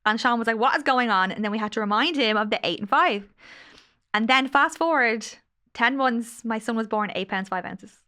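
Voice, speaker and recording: A woman's voice: fairly high pitch, normal speed, sharp tone. A woman in her late thirties, a podcast guest and angel healer, telling stories in an effusive, emotional way. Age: late 30s. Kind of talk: casual podcast conversation.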